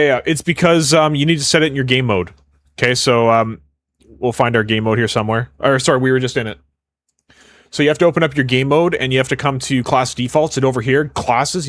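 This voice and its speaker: A man's voice: medium pitch, no room sound, studio quality. Rambling Canadian man streaming game dev. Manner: casual, rambling, quick to joke. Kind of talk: live coding stream chat.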